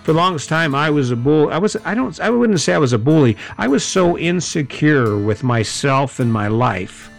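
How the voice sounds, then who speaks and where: A middle-aged man giving a high-energy, conversational motivational talk, often correcting himself mid-sentence. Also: lively intonation, moderate pace, vocal fry, hardly any pauses, faint music behind. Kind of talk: motivational monologue.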